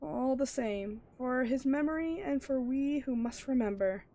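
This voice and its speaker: A woman's voice: sits high, unhurried, dark tone, a little hiss or hum, voice pushed up. A woman reading aloud the lines of a grieving young villager from a game, with mild emotion. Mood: sorrowful.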